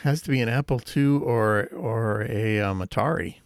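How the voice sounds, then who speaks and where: A middle-aged man with a lowish voice co-hosts a podcast, chatting casually at a normal pace with dry, wry humor. There's no echo on the recording.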